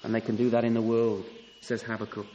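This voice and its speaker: A man's voice: lowish voice, monotone, fast, dark tone, lo-fi sound. A man preaching a sermon, emphatic, often rising to a raised voice on key points. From England. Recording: long hall reverb, faint ambience.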